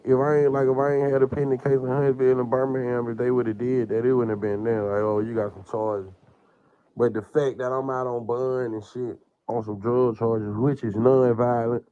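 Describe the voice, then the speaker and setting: A man's voice: mid-range voice, muffled recording. A man, crying and rambling in an emotional, profane livestream rant. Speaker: man under investigation speaking on a livestream.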